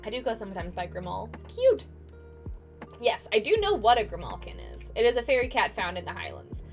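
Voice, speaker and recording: Casting note: high-pitched young American woman, casual streamer banter, playful and giggly, light music underneath. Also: big pitch swings, brisk. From United States. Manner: playful, chatty, laughs often, stumbles and restarts. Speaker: streamer, digital artist. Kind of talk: casual live-stream chat with viewers.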